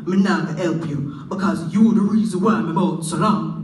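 Woman putting on a grudging male hog, Jamaican accent, gruff and lower, roomy hall, mic at a distance. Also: fairly quick, darkish tone, close to an everyday voice. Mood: surly.

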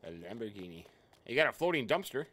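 Animated man streaming a farm game. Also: medium pitch, quick pace. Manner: chatty, greets viewers by name. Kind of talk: casual let's-play commentary.

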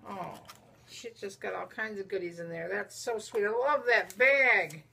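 A woman in a casual unboxing chat, speaking slowly with a bright, slightly gravelly voice. She coos and gushes over each little gift, and talks to her viewers and to the things she is unwrapping. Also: mid-range voice. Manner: chatty, cooing and gushing over small gifts. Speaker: vlogger opening mail from friends.

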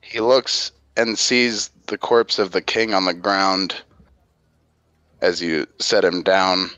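A man narrating as game master of a tabletop game, with a hesitant, measured delivery. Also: sits low, sharp tone, no room sound.

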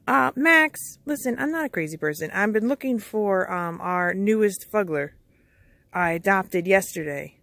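A woman narrating and acting out a toy-play story in an expressive, worried way, with frequent gasps. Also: mid-range voice, unhurried, creaky.

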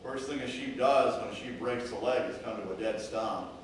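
A man's voice: medium pitch, moderate pace, recorded from a distance, a little hiss or hum. Man preaching in a very echoey church. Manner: rhythmic preaching with repeated word lists. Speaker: pastor. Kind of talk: sermon. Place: church sanctuary.

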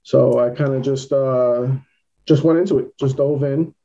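A man's voice: mid-range voice, steady tone, measured pace, creaky, mellow, muffled recording. A man from Queens with a New York accent, a filmmaker answering interview questions in a plain-spoken, matter-of-fact way. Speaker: filmmaker guest. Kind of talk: casual interview.

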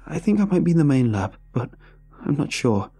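A man's voice: mid-range voice, a little fast, husky, soft background music. A man voicing a panicked young soldier. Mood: scared. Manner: panicked, breathless shouting. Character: young male soldier trapped and terrified.

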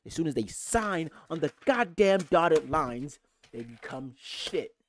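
A man's voice: fairly high pitch, animated, unhurried, slight background noise. A man, hosting a podcast, ranting angrily about football with lots of swearing and emphatic repetition. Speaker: podcast host. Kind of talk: casual football rant.

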